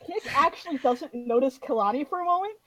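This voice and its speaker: A woman's voice: high-pitched, expressive, fast, a loud crowd, low-quality recording. A woman playing in a tabletop game, chatting playfully. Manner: playful, giggly chat. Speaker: player. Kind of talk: casual tabletop play.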